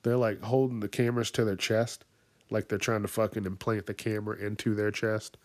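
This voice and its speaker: A man's voice: lowish voice, flat delivery, brisk, darkish tone, no room sound. Profane ranting man, dry sound. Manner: angry, swears constantly, acts out other people in raised voices. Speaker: podcast host.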